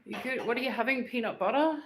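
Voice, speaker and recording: With a higher-leaning voice and a fast delivery, an Australian woman runs a laid-back home livestream and banters with viewers in slang. She heads into the kitchen as she talks, and the roomy recording carries slight background noise.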